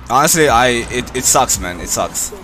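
A man's voice: medium pitch, lively intonation, moderate pace. A young man from Romania, a streamer chatting casually with his viewers, rambling with many fillers, music playing behind him.

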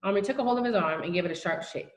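A woman reading a children's novel aloud in plain, unhurried narration with small slips. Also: mid-range voice, echoey room, low-quality recording. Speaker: reader.

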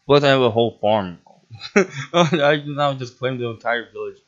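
A man's voice: mid-range voice, moderate pace, dull audio. A man giving gameplay commentary who laughs often and bursts into sudden yelps. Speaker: gaming channel host.

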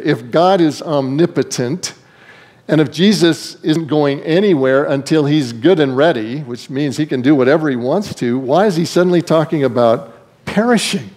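A man's voice: on the high side, darkish tone. A man preaching a sermon as pastor, asking rhetorical questions and shifting his emphasis.

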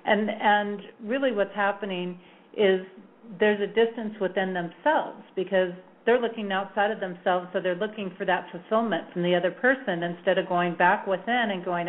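A woman hosting a talk interview speaks earnestly, often repeating a word as she gathers her point. Her voice is of middle pitch. It comes through a narrow, tinny phone line. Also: steady tone, normal speed. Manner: earnest, repeats words while thinking. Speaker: interview host.

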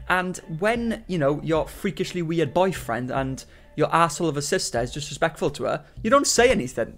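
A man hosting a reaction commentary, sarcastic and ranting, breaking into laughter often. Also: fairly high pitch. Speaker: commentary host.

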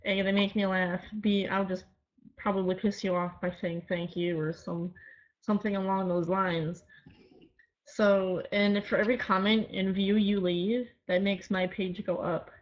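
Lo-fi audio captures a woman in her early twenties with a medium-pitched, level voice speaking at a measured pace. Talking casually to camera, she delivers a defiant, sarcastic rant that rambles and keeps restarting.

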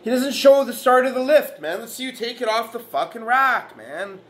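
His voice is very high and a bit bright, with lively intonation and a normal speed. This fitness vlogger's profane reaction rant is boastful and argumentative, trashing rivals while he keeps returning to "man" and "right."

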